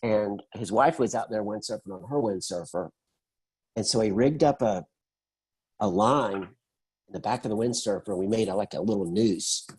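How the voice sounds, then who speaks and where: Husky low-voiced man telling a story. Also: moderate pace, rough recording. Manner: animated storyteller, acts out quoted voices. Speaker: interview guest. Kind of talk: conversational storytelling.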